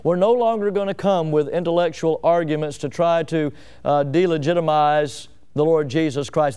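A man preaching a sermon with fervent emphasis. He repeats key phrases and often pauses with "uh". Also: on the high side, mellow, clean tone. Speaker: pastor.

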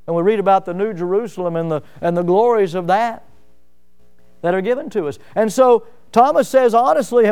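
Preacher guy, folksy sermon, loud then soft, high clear voice. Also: a little fast, soft background music. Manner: preaching with sudden loud rises and soft drops; folksy storytelling with fillers. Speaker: pastor.

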